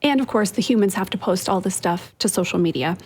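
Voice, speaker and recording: A woman with a slightly husky voice runs through news and tips for a podcast. Her manner is brisk and matter-of-fact. Her pitch stays in a middle range. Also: animated, a little mellow. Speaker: podcast co-host. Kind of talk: casual chat, reading news items.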